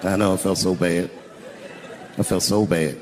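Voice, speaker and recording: An older stand-up comedian with a low voice speaks at normal speed and fairly even intonation while telling a profane story, acting out the voices of the people in it. The live arena recording, made on a handheld stage mic, carries crowd noise and audience laughter.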